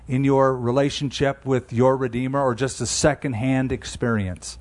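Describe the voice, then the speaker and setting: A man in his sixties preaching a sermon in a conversational, emphatic way, slowing down on key phrases. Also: mid-range voice, fairly even intonation. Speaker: pastor.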